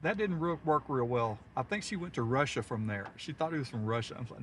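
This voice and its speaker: A man of ordinary pitch talks loosely from his car during a storm-chasing stream, drifting between stories and quick chuckles. A faint background hum sits under his voice. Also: expressive. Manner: chatty, rambling storyteller who chuckles often. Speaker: storm chaser streaming live. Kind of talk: casual live-stream chat.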